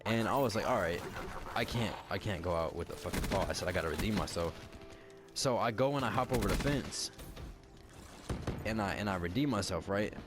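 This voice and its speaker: A man's voice: low voice, fairly quick. Young man telling a swearing story. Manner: animated, heavy swearing and slang. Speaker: vlogger. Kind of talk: casual storytelling. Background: background music.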